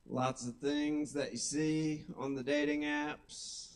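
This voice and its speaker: A young man works a small open-mic room with deadpan stand-up. His voice sits a little high, and he takes his time, drawing the setups out slowly. Now and then he lands a punchline with a sudden jump in volume. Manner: deadpan, drawn-out delivery with sudden loud punchlines. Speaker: stand-up comedian. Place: small kava bar stage.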